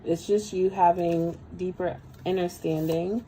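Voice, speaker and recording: A woman's voice: on the low side, fairly even intonation, unhurried, dark tone, slight background noise, poor audio. A woman giving a casual livestream tarot reading, chatty and speaking straight to her viewers. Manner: chatty, talks straight to viewers, calls them girl. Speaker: tarot reader.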